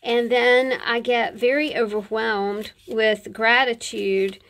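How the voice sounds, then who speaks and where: A middle-aged woman chats her way through a show-and-tell of handmade journals. Her voice has a gravelly edge, and she talks slowly and unhurriedly, wandering off with fillers. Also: on the high side, fairly even intonation. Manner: chatty, warm, rambling with fillers. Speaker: crafter showing handmade journals. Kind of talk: casual show-and-tell vlog.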